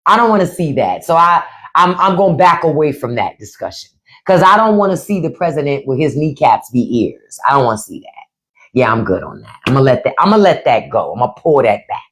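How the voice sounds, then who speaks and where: Talking a little fast, this middle-aged livestream host discusses politics casually, her pitch bouncing up and down. She's animated, blunt and foul-mouthed, repeatedly slipping into mocking imitations of the people she's talking about.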